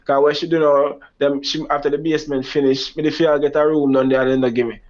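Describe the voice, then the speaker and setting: Man, Jamaican accent, rambling storyteller, higher voice, dull lo-fi recording. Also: level tone, quick pace. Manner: rambling, Jamaican Creole phrasing, acts out quoted lines in a raised voice. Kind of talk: personal storytelling. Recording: dull lo-fi sound.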